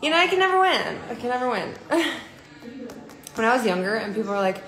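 A woman's voice: fairly high pitch, big pitch swings, a little fast, a bit bright. Young woman, tired, blunt live-streamer; slightly raised voice, phone mic in a reverberant room. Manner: blunt and offhand, calls viewers darling. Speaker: livestream host. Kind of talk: casual live-stream chat.

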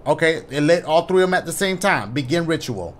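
An excitable man commentates his horror-game playthrough, swearing freely and talking straight to his viewers. His voice sits high for a man and leaps around with big swings in pitch. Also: a little fast, a little hiss or hum. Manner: excitable, profane, talks to viewers. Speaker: gaming YouTuber. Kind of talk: let's-play commentary.

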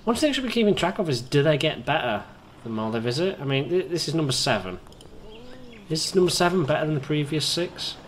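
A man casually commentating on his own gameplay, excitable and rambling, chatting to his viewers as a let's play host. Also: on the high side, fairly quick, slight background noise. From Britain.

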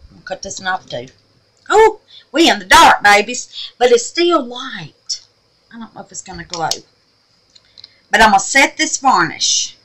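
Woman, craft vlogger, bright tone, homey chatty delivery, sweet-talks the viewers. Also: medium pitch, poor audio. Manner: chatty, calls viewers babies and honey. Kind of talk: casual crafting tutorial. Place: home craft room.

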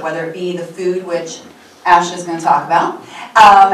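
A woman representing a tour company, speaking on a panel in a friendly, conversational way. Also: on the low side. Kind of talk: panel presentation. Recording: echoey room from far off.

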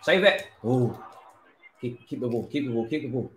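A young man giving live commentary on his own football video game match, excitable, pleading and swearing often. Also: medium pitch, normal speed. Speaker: gaming streamer. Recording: roomy echo.

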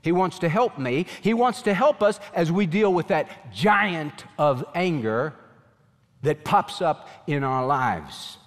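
A man's voice: fairly high pitch, slow pace. Male pastor preaching in a reverberant hall. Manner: animated preaching, voices God's questions to Cain. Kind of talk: sermon.

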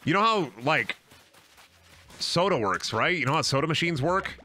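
A man's voice: on the high side, expressive, moderate pace, sharp tone. A young man streaming a video game, joking, rambling and swearing freely as he plays. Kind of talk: casual game stream commentary. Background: faint game music.

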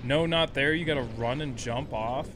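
A man's voice: medium pitch, normal speed, background noise. A young man streaming a game live, chatting, laughing often, swearing and bantering with his chat. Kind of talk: live gameplay commentary.

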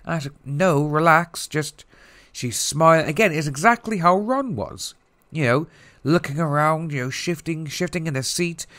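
Animated, mocking male vlog host. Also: a little high, normal speed, dry recording. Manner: animated and mocking, mimics people he talks about. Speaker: YouTube channel host. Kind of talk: casual commentary vlog.

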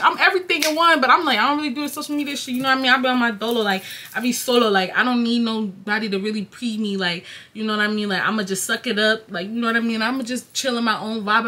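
Fast, bright-voiced young woman vlogger. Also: mid-range voice. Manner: slangy, animated, quotes others in her own voice. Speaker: YouTuber. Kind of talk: casual storytime vlog.

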